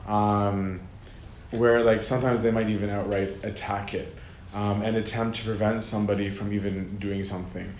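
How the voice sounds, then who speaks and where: A man's voice: fairly low pitch, little pitch movement, moderate pace, a little mellow. A man giving a casual lecture, talking conversationally with lots of fillers and frequent laughter. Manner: conversational, filler-heavy, often laughs mid-sentence. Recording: echoey room with faint ambient noise.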